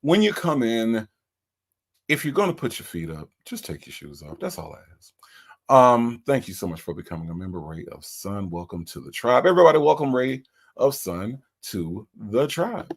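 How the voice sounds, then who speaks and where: At normal speed and a medium pitch marked by big swings, a man on a live stream picks apart a recorded call. He addresses his chat incredulously and with exasperation, repeating his questions to them.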